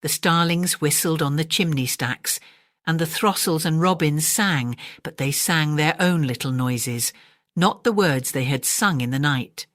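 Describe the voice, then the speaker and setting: A woman narrating a classic storybook in a gentle, measured bedtime reading. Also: sits low, no echo, studio quality.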